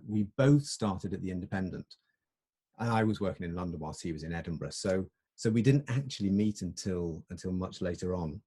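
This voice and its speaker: A man's voice: sits low, dark tone, breathy edge. A middle-aged man giving a presentation talk as a photographer, speaking reflectively and often restarting his sentences.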